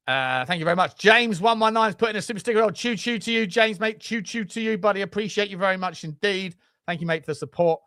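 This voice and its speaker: A man co-hosting a casual football podcast, chatty and laughing often as he reads out viewer shout-outs. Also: sits high, fast talker, no room sound, clean studio sound. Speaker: co-host.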